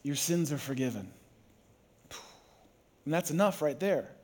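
Man, pastor, sermon, lively storytelling, slightly high voice. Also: a little slow. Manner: animated storytelling, acts out voices.

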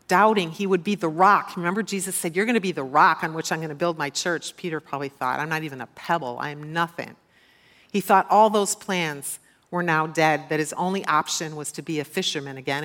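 A woman preacher retells a scripture story in a sermon, with a voice a little low in pitch. She keeps asking her listeners questions and shifts between quiet reflection and emphatic telling.

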